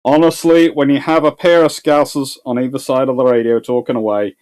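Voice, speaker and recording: A man's voice: medium pitch, flat delivery, brisk, darkish tone. A male history host answering viewer questions live, thinking aloud with restarts and repeated words. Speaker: naval history channel host.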